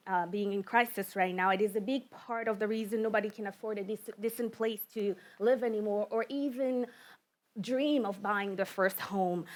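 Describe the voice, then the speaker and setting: A woman who is losing her voice gives an earnest, halting answer as a candidate at a debate. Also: fairly high pitch. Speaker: election candidate. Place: community debate hall.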